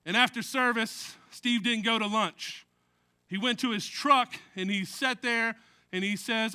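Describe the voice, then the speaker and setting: A pastor with an extremely high, pushed, bright, and smooth voice preaches at a measured pace. His sermon is conversational and joking, and he frequently checks in with "right?"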